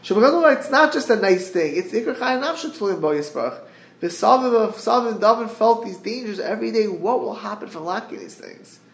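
High creaky-voiced man teaching Torah. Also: lively intonation, reverberant. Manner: earnest, halting, quotes Hebrew verses then translates. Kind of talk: Torah class given over a group call. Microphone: group call line.

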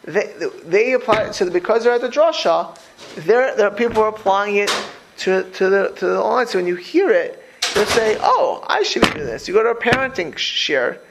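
A man's voice: high-pitched, brisk, creaky, noisy background. A man teaching a Torah class as a rabbi, talking straight to his listeners with rhetorical questions and frequent restarts. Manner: animated, conversational, repeats words while restarting. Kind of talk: informal Torah lecture.

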